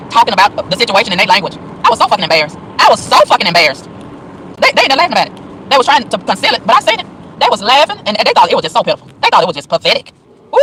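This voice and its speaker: Brief: man, rapid-fire profane rant from a car, bright lively voice, faint traffic hum. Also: high-pitched, low-quality recording. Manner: animated, profane, exasperated ranting. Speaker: vlogger. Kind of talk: live-stream rant while driving. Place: in a car on city streets. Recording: faint street and traffic noise.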